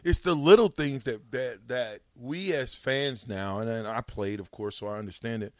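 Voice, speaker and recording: A man's voice: medium pitch, normal speed, darkish tone, no room sound, clean studio sound. A man co-hosting a casual sports talk show, playful and protesting as he banters with his co-hosts. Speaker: co-host.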